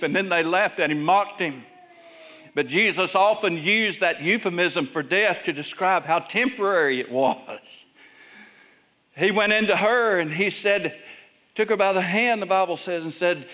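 A male pastor preaching a sermon, telling Bible stories and acting out the people in them with big swings in pitch and volume. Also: expressive, unhurried, sharp tone.

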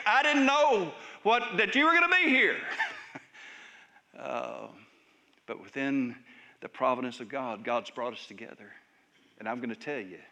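A male pastor preaching a sermon in a church service, emphatic and raised at times, then dropping to soft, hushed lines. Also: medium pitch.

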